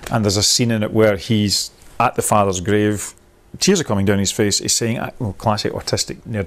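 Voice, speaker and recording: A man's voice: fairly low pitch, fairly even intonation, brisk, few pauses. A man leading a workshop, thinking aloud in a rambling, discursive way, with many restarts, and laughing at his own points. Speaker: workshop leader.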